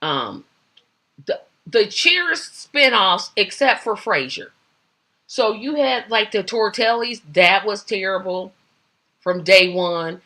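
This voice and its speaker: A woman hosts a casual solo chat about old TV shows, rambling through her thoughts with lots of fillers and restarts while her back hurts and she shifts in her seat. Her medium-pitched voice is sharp in tone, with lively intonation and a slow pace.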